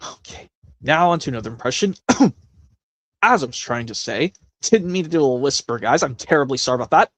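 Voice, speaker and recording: A man's voice: medium pitch, animated, fairly quick, fairly bright tone, no room sound. A man hosting a casual live stream, chatting in a rambling way with many self-corrections.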